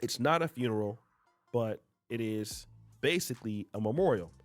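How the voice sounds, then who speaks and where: A man's voice: mid-range voice, expressive, normal speed, dry recording, soft background music. A man hosting a reaction video, explaining clips in a conversational way. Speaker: host. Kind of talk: reaction commentary.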